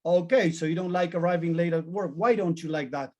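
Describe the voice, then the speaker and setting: Give me a high-voiced man teaching a live therapy class, emphatic and animated. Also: fairly quick. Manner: animated, emphatic, repeats key words in lists. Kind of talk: live training lesson.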